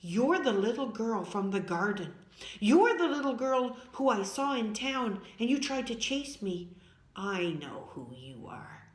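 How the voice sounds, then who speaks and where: A woman voicing a mean, gruff male robber who gives curt orders. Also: on the high side, big pitch swings, a little slow, echoey room. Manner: curt, commanding.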